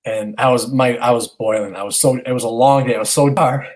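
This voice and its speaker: A man in his thirties, a podcast co-host, telling a rambling and animated story in casual chat with some swearing. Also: mid-range voice, brisk, poor audio. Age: 30s.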